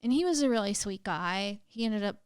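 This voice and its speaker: A woman's voice: mid-range voice, lively intonation, brisk, clean tone, dry recording, clean studio sound. A young woman, a podcast guest, telling a painful personal story in casual chat, emotional, with lots of "like" fillers and some swearing.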